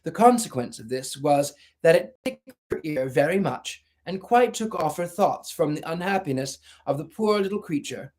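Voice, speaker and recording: Man reading a storybook aloud, higher voice. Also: moderate pace, few pauses. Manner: expressive, shifts into character voices.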